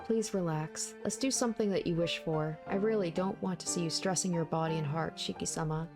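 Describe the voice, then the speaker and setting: A woman's voice: lowish voice, steady tone, a little fast, over music, natural voice. A woman voicing a young female maid who speaks in a polite, formal, pleading way.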